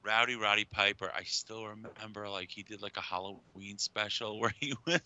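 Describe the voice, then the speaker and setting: A man co-hosting a casual podcast, talking excitably, swearing and laughing a lot. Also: on the low side, normal speed, hardly any pauses, no room sound, highs cut off. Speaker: podcast co-host. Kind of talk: casual chat.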